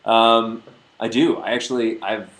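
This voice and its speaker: Rambling, low-voiced young man. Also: fairly even intonation, a bit bright, roomy sound, poor audio. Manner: rambling, halting, joking. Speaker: actor answering fan questions. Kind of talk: casual livestream chat.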